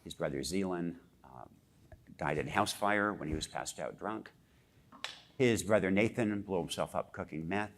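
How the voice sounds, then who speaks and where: A man with a very low voice talks on a discussion panel, pausing often and filling gaps with hesitant sounds. He is a journalist who speaks with growing animation. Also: slight background noise. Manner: halting, many filler sounds, grows more animated.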